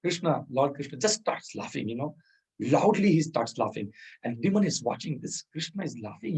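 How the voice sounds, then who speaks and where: Husky man teaching soft skills. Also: medium pitch, animated, moderate pace, poor audio. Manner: chuckles often, Hindi words mixed into English. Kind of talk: informal lecture with storytelling.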